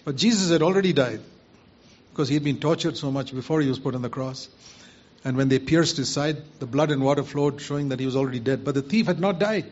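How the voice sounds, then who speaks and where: A man's voice: mid-range voice, fast talker, darkish tone. A man preaching a sermon, earnestly putting rhetorical questions to his listeners. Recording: muffled lo-fi recording.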